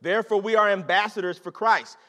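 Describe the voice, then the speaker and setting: Speaking fairly quickly in a voice that sits high, this man preaches to his congregation in an animated, conversational style, repeating phrases and calling out to listeners. The recording carries the long reverb of a large hall.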